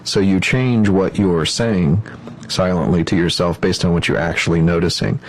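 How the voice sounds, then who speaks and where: A man with a very deep, low voice talks through meditation techniques in a calm, explanatory lecture. He pauses often with ums and uhs as he works through each step. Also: slight background noise, low-quality recording. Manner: measured, explanatory, frequent fillers. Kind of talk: instructional lecture.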